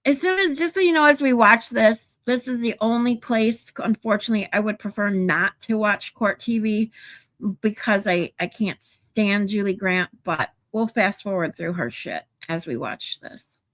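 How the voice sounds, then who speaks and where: A woman hosting a casual livestream, chatting and swearing freely, her voice getting louder when she is irritated. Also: medium pitch, normal speed. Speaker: livestream host.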